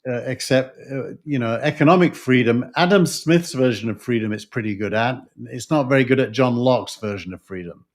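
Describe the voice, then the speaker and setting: In a mid-range voice, a little fast and with hardly any pauses, a podcast co-host with a Yorkshire accent talks through a casual discussion thoughtfully, often restarting and using fillers.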